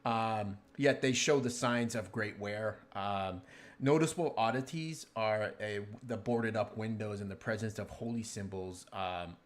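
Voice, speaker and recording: Low-voiced male game master, easygoing narrator. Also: unhurried. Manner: relaxed narration with many ums and laughs. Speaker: dungeon master.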